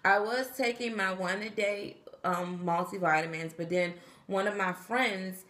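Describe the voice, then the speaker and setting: A woman's voice: medium pitch, steady tone, unhurried, fairly bright tone. Tired, chatty woman in an echoey room. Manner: chatty, talks straight to viewers, acts out quotes. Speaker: pregnancy vlogger. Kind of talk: casual chat to camera.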